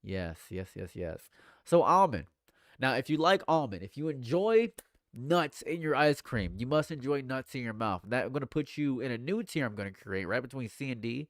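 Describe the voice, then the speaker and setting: A man streaming casual live commentary, ranting in mock outrage and swinging between mumbled asides and loud outbursts. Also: medium pitch, very animated, normal speed, no room sound, clean studio sound.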